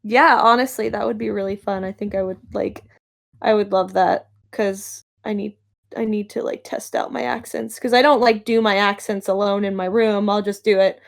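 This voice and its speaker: Young voice actress gabbing away in an interview, bubbly, laughs a lot, says like constantly. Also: female voice, medium pitch, fairly even intonation, moderate pace, vocal fry. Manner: bubbly, chatty, laughs often, many "like" fillers. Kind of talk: casual interview chat.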